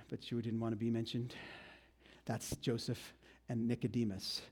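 A man preaching a conversational sermon, retelling a story with lively animation and speaking straight to his congregation. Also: mid-range voice, brisk. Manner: animated, talks straight to the congregation, frequent "you know". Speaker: pastor.

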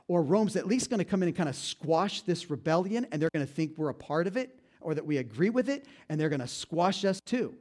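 Guy preaching, animated storyteller, does little voices for the people in the story, a bit high voice. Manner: lively storytelling with acted-out quotes. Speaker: pastor. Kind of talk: sermon.

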